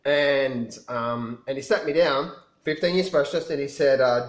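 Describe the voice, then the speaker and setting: A man's voice: medium pitch, moderate pace. A man telling his own story to camera in a casual, rambling way, often restarting and repeating himself. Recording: echoey room.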